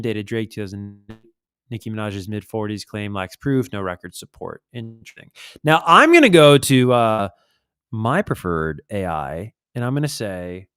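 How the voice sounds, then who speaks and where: A man's voice: medium pitch, fairly bright tone, smooth, dry recording, studio quality. A man hosting a casual music livestream, reading posts aloud and adding wry asides.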